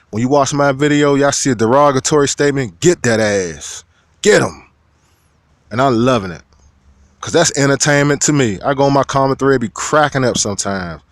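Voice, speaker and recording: A man talking straight to his viewers as a video commentator, loud, profane and preachy. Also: mid-range voice, no echo. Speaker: YouTube commentator. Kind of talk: casual vlog rant.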